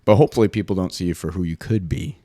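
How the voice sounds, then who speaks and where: A man hosting a casual solo podcast monologue, swearing freely and jumping into high mock voices now and then. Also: rapid-fire, mellow, no echo, clean studio sound. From US East Coast. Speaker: podcast host.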